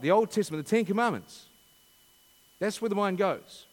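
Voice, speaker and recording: A man's voice: high-pitched, lively intonation, normal speed, long pauses, in a large hall. A man preaching a sermon, asking rhetorical questions and reading scripture dramatically.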